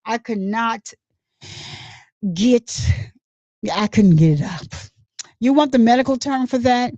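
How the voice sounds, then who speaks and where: A woman's voice: a little high, animated, slow, warm tone, dry recording. A woman reading the lines of a male witness in court, recounting events with plain, hesitant speech. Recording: dull lo-fi, dry.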